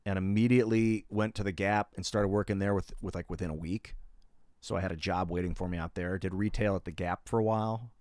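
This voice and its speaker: Profane rambling man, low and dry. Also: fairly even intonation, fairly quick, a little mellow, no echo. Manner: rambling, loose and profane, with many fillers. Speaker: streamer. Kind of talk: casual storytelling on a live stream.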